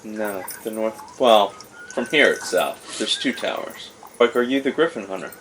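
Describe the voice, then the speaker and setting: A man plays his character in a tabletop game, answering in short, casual lines. His voice sits a little low. A clear layer of background noise runs behind him. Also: animated, moderate pace, fairly bright tone, poor audio. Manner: casual, brief replies. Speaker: player.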